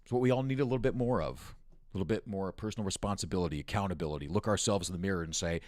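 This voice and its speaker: Low-voiced male stream host from the US, angry profane mocking rant, dry close recording. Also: racing, darkish tone, dry recording. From United States. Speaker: news commentary host. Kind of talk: ranting political commentary stream.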